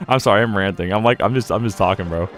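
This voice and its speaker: A young man streaming a game, rambling casually, laughing often and slipping into silly quoted voices. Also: on the low side. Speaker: gaming streamer. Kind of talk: casual live-stream commentary.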